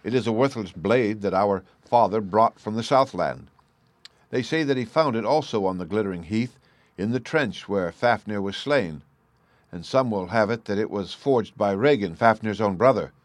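A man reading aloud as a starving, greedy prince who dotes feverishly on his gold, a little higher and louder than his narration. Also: moderate pace, dry recording, close to an everyday voice. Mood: dismissive. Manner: doting, feverish.

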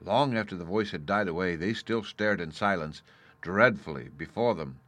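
A man reading a story aloud in steady, measured scripted narration. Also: deep voice, dry recording. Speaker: audiobook narrator.

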